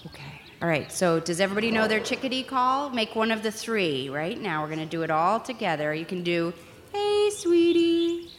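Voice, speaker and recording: A woman's voice: lowish voice, a little fast, hardly any pauses. A woman from Vermont hosting a live stage show, playfully leading the audience. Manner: lively, playful, leads audience. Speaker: host. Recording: hall reverb, faint noise.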